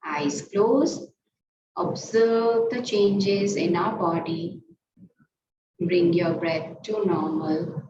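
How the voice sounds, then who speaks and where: A woman yoga instructor calmly guiding a class through breathing exercises and stretches. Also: fairly low pitch. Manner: slow, calm cueing of breath and movement. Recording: roomy, distant, muffled, noisy room sound.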